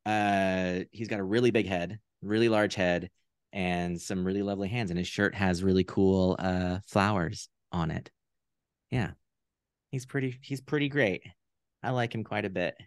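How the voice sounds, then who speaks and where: A man, a puppeteer, chatting casually as an interview guest in a relaxed, rambling way over a video call. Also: sits low, normal speed, smooth, no room sound, studio quality. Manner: relaxed, rambling, many fillers. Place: home room via video call.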